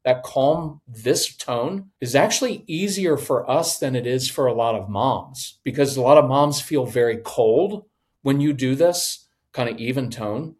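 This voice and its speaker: A man in his fifties giving casual parenting advice on a podcast, animated and acting out quoted voices. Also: medium pitch, normal speed. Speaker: podcast guest, parenting coach.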